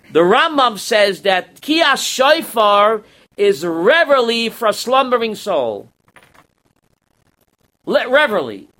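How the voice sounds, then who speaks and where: A man's voice: extremely high pitch, sharp tone. A man giving a Torah class as a rabbi, quizzing his students and acting out parables.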